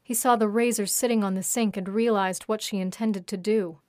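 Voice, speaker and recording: Reading a scripted erotic story aloud, a woman keeps her narration calm and level at a normal pace. Her pitch is unremarkably mid-range, captured in a close, dry recording with no trace of room sound.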